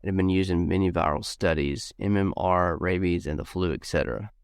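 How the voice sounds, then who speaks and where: A low, gravelly man talking casually on a video call, circling and restarting as he goes. His voice is close and dry, with no room sound around it. He keeps the tone of a relaxed group chat among friends. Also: brisk, no echo. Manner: rambling, restarts a lot while reading. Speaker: podcast co-host.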